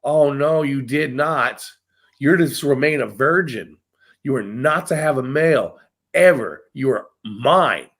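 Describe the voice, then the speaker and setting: A man's voice: mid-range voice, lively intonation, unhurried, fairly bright tone, pitched below the performer's own voice. A man voicing a jealous, possessive female goddess who scolds sharply. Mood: scolding.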